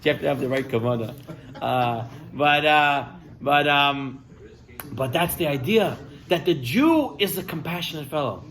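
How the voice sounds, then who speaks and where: A rabbi preaching to his congregation, a man with a fairly high-pitched voice. He tells stories with animated energy and slips into the voices of the people in them. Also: a little slow, rough recording. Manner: animated storyteller, acts out characters' lines. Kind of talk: sermon with storytelling.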